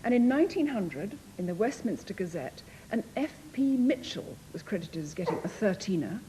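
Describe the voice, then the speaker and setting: A woman's voice: medium pitch, lively intonation, normal speed, warm tone, slight background noise, low-quality recording. A woman team captain on a panel game show, telling stories in a playful, amused way.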